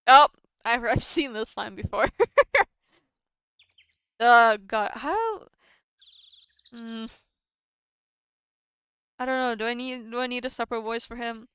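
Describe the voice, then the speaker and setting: Slow, hesitant woman streaming a game. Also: fairly high pitch, a bit bright, clear, resonant tone, no room sound. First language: Estonian or Russian. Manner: hesitant, self-deprecating, stumbling over words. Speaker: streamer playing a visual novel. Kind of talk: game playthrough, reading dialogue aloud.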